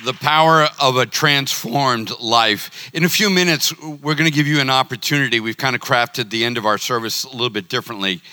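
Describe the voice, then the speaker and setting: A man's voice: mid-range voice, brisk, few pauses, sharp tone. A man leading a church service as pastor, speaking with enthusiasm. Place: church sanctuary.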